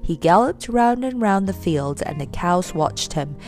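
Expressive woman reading a children's story. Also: lowish voice, measured pace, soft background music.

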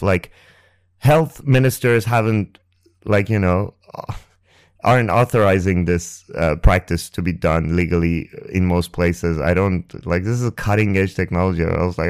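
A man's voice: low voice, normal speed, clean tone, no room sound. A man hosting a podcast, telling a rambling, profane story close to the mic. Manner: rambling and profane, full of fillers. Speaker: podcast host. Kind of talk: casual storytelling. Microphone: close ASMR mic.

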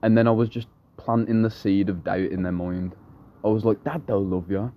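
A man's voice: fairly low pitch, steady tone, brisk, dull audio. A young man in casual chat, blunt, swearing freely and rambling through stories.

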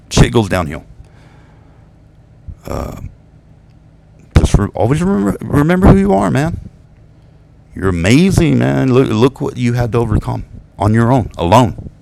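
A man with a low, gravelly voice rambles through a profane monologue, cursing freely and chuckling at his own jokes. Faint noise hums under the recording. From United States. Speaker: vlogger venting about exes.

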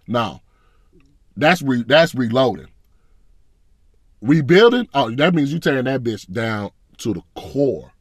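A man's voice: mid-range voice, sing-song, slow, pauses often, no echo, studio quality. A man ranting as a fan, blunt and profane, in a casual, frustrated reaction. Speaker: sports fan commentator.

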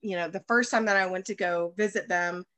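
A woman's voice: on the low side, steady tone, brisk, fairly bright tone, no room sound. A woman in her thirties from the United States, a baker and chef, talking as a guest in a casual interview and rambling with many fillers and restarts.

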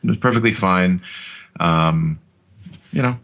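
A man's voice: sits low, measured pace, fairly bright tone. A man co-hosting a film podcast, chatting casually in a laid-back, joking way. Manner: laid-back, easy chuckling banter. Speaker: podcast co-host. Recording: dull lo-fi sound.

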